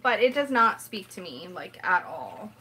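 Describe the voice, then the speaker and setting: A woman's voice: medium pitch, sing-song, measured pace, bright, forceful tone, poor audio. A woman hosting a casual livestream, chatting in a rambling way and reading out viewer comments. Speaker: tarot livestream host.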